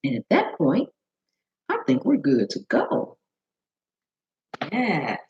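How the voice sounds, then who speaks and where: A woman chef chatting with viewers during a live cooking demo in her home kitchen, greeting them by name, her voice a little hoarse. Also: low voice, wildly swooping pitch, slow, a little hiss or hum. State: slightly hoarse. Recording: slightly dull lo-fi live-stream audio.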